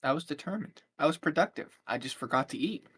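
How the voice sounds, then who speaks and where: A young man co-hosting a live podcast, laid-back and matter-of-fact, answering with a deadpan tone. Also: on the high side, quick pace, slightly rough. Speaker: podcast co-host. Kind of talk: casual live stream banter.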